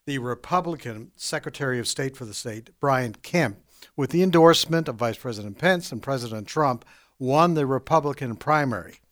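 Brisk newsy radio co-host. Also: male voice, mid-range voice, fairly bright tone. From Canada. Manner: brisk, newsy, with wry asides. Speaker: radio co-host reading news. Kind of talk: casual radio talk. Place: radio studio.

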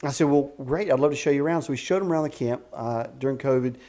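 A man in his fifties tells stories at a middle pitch. He is animated and keeps restarting his sentences, and his talk is full of faith. He sounds like a ministry leader chatting in a casual interview. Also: quick pace. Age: 50s. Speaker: executive director of a ministry camp. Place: a house at a rural camp.

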